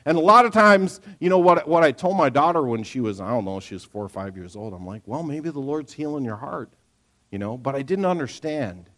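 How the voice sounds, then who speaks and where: A middle-aged pastor preaches a loose, conversational sermon to his church in an ordinary middle-pitched voice. He tells lively everyday stories, acts out the voices of the people in them, and keeps checking in with the room with a quick "right?".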